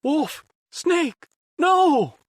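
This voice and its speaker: A man voicing an anxious, excitable young male engineer who pleads in a high, nervous voice for an audiobook. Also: measured pace, no echo, clean studio sound, heavily acted. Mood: pleading. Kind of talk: audiobook character voice.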